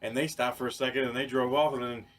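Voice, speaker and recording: A man on a podcast telling a story in casual chat, animated and profane, with many restarts. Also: medium pitch, quick pace, slight background noise. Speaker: podcast co-host.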